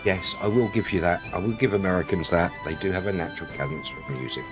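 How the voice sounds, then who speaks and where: A man's voice: low voice, fast, music in the background. A man from Britain chatting casually on a game live stream, rambling, laughing often and greeting viewers by name.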